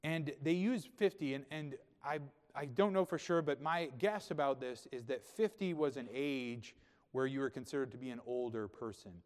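A man's voice: mid-range voice, normal speed. A pastor delivering a sermon, a man with a mid-range voice who talks through the passage plainly and then swells into emphatic, raised emphasis. His words ring out with a long reverb, as if filling a church sanctuary. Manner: conversational, emphatic preaching that swells to loud peaks. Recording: reverberant hall.

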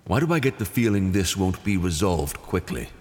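A terse cavalry commander. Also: male voice, sits low, very animated, moderate pace, a little mellow, long reverb tail. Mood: guarded. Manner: terse, dry. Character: weary stern male cavalry commander.

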